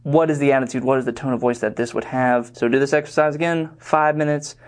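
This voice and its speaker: A man's voice: medium pitch, steady tone, quick pace. Rambling, casual young man teaching. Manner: rambling, filler-heavy, conversational. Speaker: online course instructor. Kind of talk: casual lecture.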